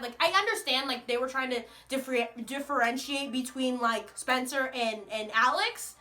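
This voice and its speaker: A young American woman ranting casually to camera, animated and profane, full of exasperation. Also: sits high, normal speed, few pauses. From United States. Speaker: vlogger.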